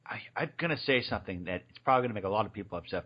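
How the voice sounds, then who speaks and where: A man's voice: lowish voice, lively intonation, very fast, few pauses, breathy edge. A man hosting a radio show, asking frank, searching questions and often restarting his sentences. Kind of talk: interview questioning. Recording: dull lo-fi radio audio.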